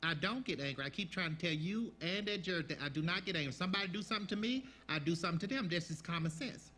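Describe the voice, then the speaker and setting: A man's voice: high voice, fast talker, sharp tone. An actor playing a brash, defiant older woman who denies her anger and parrots questions back in a film comedy scene. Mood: defensive.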